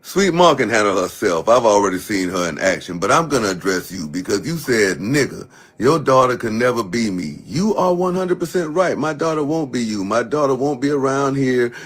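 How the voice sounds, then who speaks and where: A man's voice: medium pitch, animated, moderate pace, few pauses, fairly bright tone, breathy edge. A man in a played social media clip, speaking steadily and directly as he calls someone out. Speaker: content creator in a played clip.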